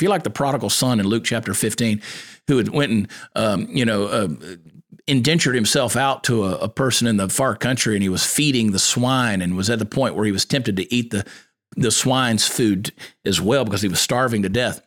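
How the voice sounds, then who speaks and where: A man's voice: fairly low pitch, fairly quick, fairly bright tone. A man hosting a podcast, talking in a folksy, preacherly monologue that mixes scripture with encouragement. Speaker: podcast host.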